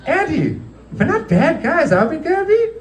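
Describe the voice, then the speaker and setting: A man doing a squeaky falsetto restaurant owner. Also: huge pitch swings, measured pace, recorded from a distance, exaggerated voice. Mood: whiny. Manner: whiny, protesting innocence. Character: shrill defensive restaurant owner, self-pitying. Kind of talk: stand-up comedy impression. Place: restaurant dining room, live show.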